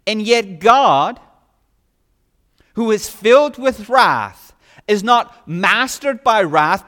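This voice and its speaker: A man preaching a sermon, emphatic and full of rhetorical questions, rising loud and dropping low. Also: big-room sound. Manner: emphatic, with rhetorical questions and strong swings in loudness.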